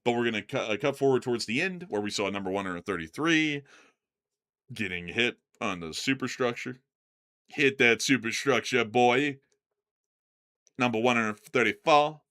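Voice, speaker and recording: A man hosts a casual livestream news rundown, joking as he goes and tripping over his words. His voice is bright and forceful. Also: mid-range voice, animated, fairly quick, smooth. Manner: jokey, loose, stumbles over words. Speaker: host of a war news livestream.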